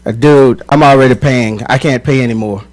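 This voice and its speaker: A man's voice: mid-range voice, brisk, darkish tone. A man co-hosting a casual chat who jokes about himself and acts put upon. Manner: joking, self-mocking. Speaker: co-host.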